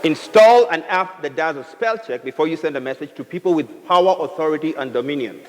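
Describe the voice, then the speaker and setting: A man's voice: on the high side, brisk. A man with a Kenyan accent giving a humorous talk to a live audience, telling comic stories and teasing the crowd. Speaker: speaker. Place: event hall with a live audience. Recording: reverberant hall, faint noise.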